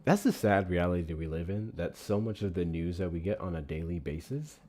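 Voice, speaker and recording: A man hosting a live show, giving casual political commentary in an animated, profane rant. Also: low-pitched, fairly quick, slight background noise. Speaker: livestream host.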